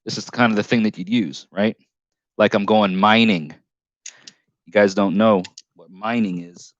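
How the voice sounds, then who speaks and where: A man's voice: fairly low pitch, steady tone, unhurried, no room sound. Man, northern US accent, casual live stream chat, rambling with self-corrections, lo-fi headset audio. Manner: rambling storytelling with many restarts and self-corrections.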